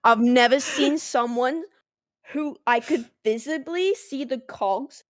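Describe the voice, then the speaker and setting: A young Australian woman co-hosting a podcast, telling animated stories in casual chat and acting out both sides of conversations, swearing freely. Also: high voice, takes it slowly, no room sound, clean studio sound. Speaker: podcast co-host.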